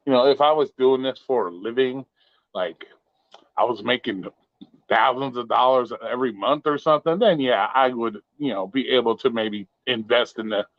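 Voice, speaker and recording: A man's voice: mid-range voice, moderate pace, no room sound. Male livestream host, loose and profane, rambling chat from his bedroom. Dry, dull home-mic sound. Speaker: live stream host. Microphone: modest home mic. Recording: dull lo-fi home stream audio.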